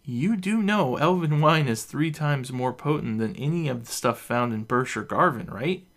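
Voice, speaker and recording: A kind, patient young soldier with a steady, middle-pitched male voice, as the narrator reads him. He speaks calmly, with a gently teasing edge. It sounds like a storybook reading. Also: moderate pace.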